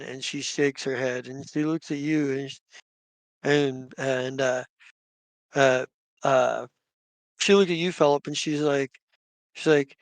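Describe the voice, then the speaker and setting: A man narrating as game master of a tabletop game, halting and restarting often as he describes what characters do. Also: on the high side, steady tone, dry recording.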